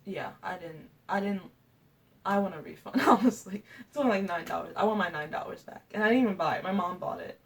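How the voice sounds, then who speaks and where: A young woman talks casually to camera, gushing and rambling as she ranks what she has read. Her voice sits at a middle pitch for a woman. It sounds a little distant from the mic. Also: a little fast. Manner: chatty, gushing, rambling with many fillers. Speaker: booktuber. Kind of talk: casual book-ranking vlog.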